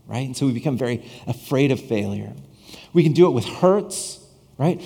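A male preacher gives a conversational sermon and keeps circling back over his own phrases. His husky voice swings widely in pitch as he plays out the voices in his story. The sound carries a long reverb, as in a large church hall. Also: lively intonation, a little fast, dark tone. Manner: conversational, repeats and restarts phrases, acts out quoted voices with humor. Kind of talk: casual sermon.

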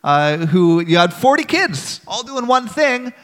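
A man's voice: very high-pitched, very animated, unhurried, fairly bright tone, long reverb tail. Earnest man telling a church story. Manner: earnest and conversational. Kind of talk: personal story told to a church audience.

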